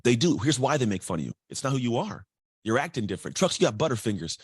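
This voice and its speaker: A man telling his life story as a guest, energetic and chatty, acting out other people's voices. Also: medium pitch, fast, husky, dry recording, studio quality. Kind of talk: candid storytelling.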